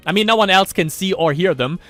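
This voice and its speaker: A man doing a let's-play of a visual novel, reading it aloud and breaking off into rambling, laughing asides. His pitch swings widely and sits a bit high, with faint game music underneath. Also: expressive, normal speed, a bit bright.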